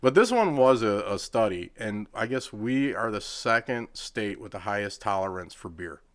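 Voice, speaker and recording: A man's voice: lowish voice, lively intonation, moderate pace. A man from Michigan, a charity CEO on a podcast, telling funny stories and acting out what people said. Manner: jokey, acts out quotes in different voices. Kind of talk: casual comedic storytelling.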